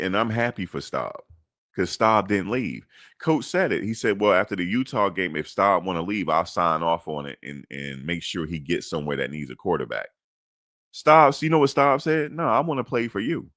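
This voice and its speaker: Deep-voiced blunt sports host, man. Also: normal speed, no echo, clean studio sound. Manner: preachy and blunt, swears, swings to high excited pitch. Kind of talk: emphatic sports talk monologue.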